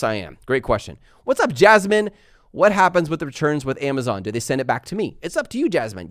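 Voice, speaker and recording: A young man hosting a live stream, chatting fast and laughing as he answers viewer questions. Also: fairly high pitch, dry recording, clean studio sound. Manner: fast-talking. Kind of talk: live Q&A chat.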